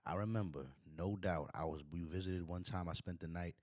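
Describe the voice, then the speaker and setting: A man's voice: low-pitched, fairly quick, a little mellow, dry recording, studio quality. A man in his thirties with a Brooklyn accent, telling stories as a podcast host in loose, rambling casual chat. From United States. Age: 30s. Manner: rambling storyteller, lots of fillers.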